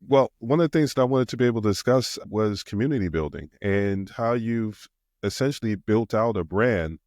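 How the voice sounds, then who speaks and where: Deep, smooth-voiced New York man. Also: lively intonation, moderate pace, darkish tone, dry recording, clean studio sound. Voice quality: smooth, radio-style delivery. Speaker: podcast host. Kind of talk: interview hosting.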